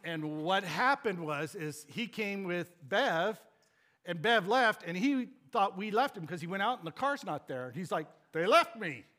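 A man preaching a sermon, telling a family story in an animated, joking, rambling way before turning to scripture. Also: high voice, a little slow. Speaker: pastor.

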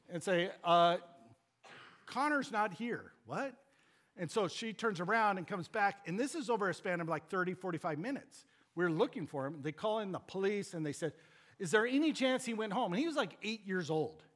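Male pastor, higher voice, loose funny storyteller who drifts into scripture. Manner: animated, joking, rambling with restarts. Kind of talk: sermon with personal storytelling.

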